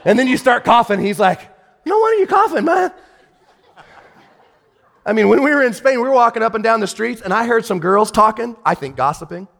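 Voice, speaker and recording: A man preaching a sermon as pastor, animated, swinging from shouted lines to hushed ones. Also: sits high, fast, creaky, few pauses, long reverb tail.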